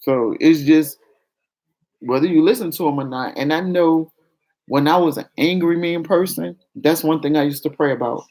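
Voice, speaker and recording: Woman vlogger, casual storyteller who performs every quote. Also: normal speed. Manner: animated, acts out quoted voices with raised pitch.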